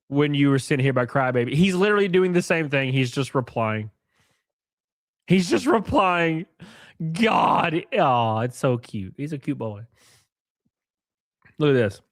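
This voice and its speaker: A man's voice: mid-range voice, no echo, studio quality. A man live-streaming, reading posts aloud and ranting at them in a mocking, profane way while drinking. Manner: mocking, profane, animated rants.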